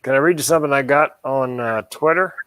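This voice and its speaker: A man co-hosting a relaxed podcast, slipping dark jokes about himself into his talk and laughing at them. His voice sits in a middle pitch. The sound is dry and close, with no room around it. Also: brisk, clear, resonant tone, no echo. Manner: dark self-deprecating humor, laughs at own jokes. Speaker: podcast co-host and mental health speaker. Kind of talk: casual podcast chat.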